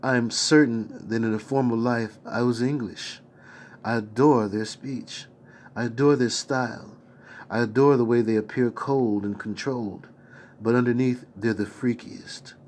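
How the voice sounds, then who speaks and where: A man's voice: mid-range voice, steady tone, measured pace, a little mellow, lightly acted. A man reading out the lines of a troubled, lovesick grown man in his own plain voice. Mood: wistful. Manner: read out plainly in the reader's own voice.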